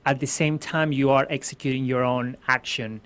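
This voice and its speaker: A man from Venezuela who teaches ballroom dance answers interview questions earnestly, walking through things step by step and restarting often. His voice is mid-range and a bit bright, with a steady tone at a normal speed. The recording has a slightly muffled, lo-fi quality.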